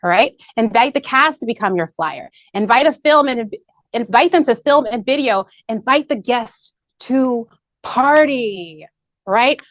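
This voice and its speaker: A woman's voice: a little high, expressive, a little slow, a bit bright, dry recording. A woman presenting to a team in an upbeat business meeting, peppy and rallying, repeating key points. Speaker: marketing presenter. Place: video call meeting.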